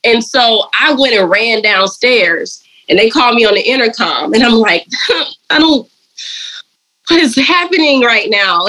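A woman, a dog groomer and colorist, telling her story in a casual interview and slipping into lively voices when she quotes people. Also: on the high side, low-quality recording. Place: lives and works in Atlanta.

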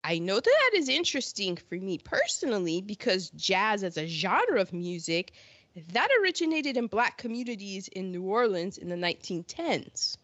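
A woman's voice: mid-range voice, very animated, moderate pace, a bit bright, no room sound, lo-fi sound. A woman co-hosting a podcast, chatting casually and laughing often as she trails into asides. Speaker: podcast co-host. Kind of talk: casual chat about old films.

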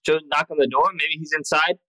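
Bright-voiced stammering man at a tabletop game. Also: on the high side, fairly even intonation, fairly quick, no room sound, poor audio. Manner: stammering, restarts a lot, laughs. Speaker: player. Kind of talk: casual tabletop banter.

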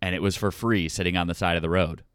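A man in casual podcast chat, talking excitedly about his tabletop gaming gear. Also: low voice, quick pace, smooth, no echo, studio quality. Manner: excited, enthusiastic. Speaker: podcast co-host.

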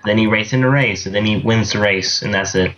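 A man's voice: fairly low pitch, a little fast, fairly bright tone, muffled recording, a little hiss or hum. A man on a podcast summarizing a movie plot with sarcastic wisecracks. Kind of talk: casual podcast chat about movies.

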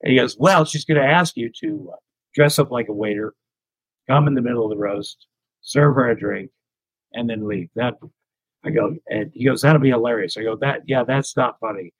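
A man's voice: medium pitch, normal speed, breathy edge, no echo, low-quality recording. A middle-aged man from the United States, a comedian telling candid stories as an interview guest, rambling and self-deprecating. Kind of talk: candid anecdotal storytelling.

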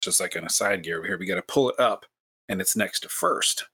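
Low-voiced man telling a rambling story. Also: lively intonation, quick pace, sharp tone, slight background noise. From United States. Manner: rambling, self-mocking anecdotes with many restarts. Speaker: podcast host. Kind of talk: casual storytelling chat.

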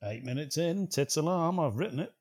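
A man's voice: a little high, lively intonation, fairly quick. A man co-hosting a film podcast, trading wry, laid-back banter with his co-host. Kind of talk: casual chat.

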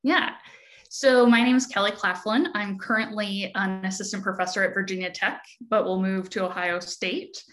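A woman with a Midwestern accent talks as a podcast guest, easygoing and unhurried. Her talk is full of ums and little restarts as she explains her work. Her voice sits at an ordinary middle pitch for a woman. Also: steady tone, fairly bright tone. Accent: Midwestern American. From Wisconsin. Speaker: podcast guest, education researcher. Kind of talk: casual interview talk.

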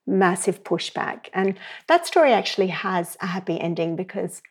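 Husky, low-voiced woman. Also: moderate pace. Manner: lively storyteller who acts out quoted voices. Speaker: parenting educator guest. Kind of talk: conversational podcast interview.

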